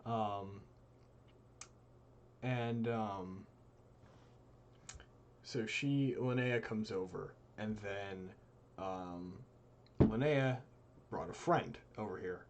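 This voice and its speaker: A man's voice: drawn-out words, pauses often, muffled recording, slight background noise. A young man, co-host of a live stream, casually telling a personal story and acting out his friends' lines. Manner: animated, voices quoted friends with big jumps in pitch.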